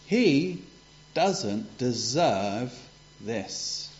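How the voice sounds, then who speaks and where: A man voicing a resentful, sulky older son who complains slowly and at a raised pitch, on a dull lo-fi recording. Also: very animated, a little hiss or hum.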